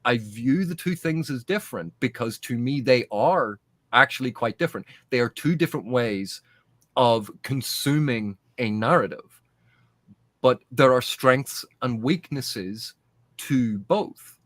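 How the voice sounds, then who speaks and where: A man's voice: medium pitch, expressive, a little slow, fairly bright tone, no echo. A man in a casual podcast panel discussion, making his points earnestly and emphatically, often restarting mid-phrase. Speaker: podcast guest.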